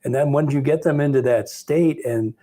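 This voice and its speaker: A man with long sales experience speaking in a calm, relaxed, even-keeled way. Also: a little high, moderate pace. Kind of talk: casual chat.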